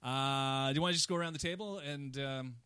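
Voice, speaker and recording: A man's voice: medium pitch, fairly quick, pushed and bright, clear, resonant tone, no echo, clean studio sound. A man hosting a podcast, running a playful quiz in casual chat with friends. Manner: playful, teasing quizmaster.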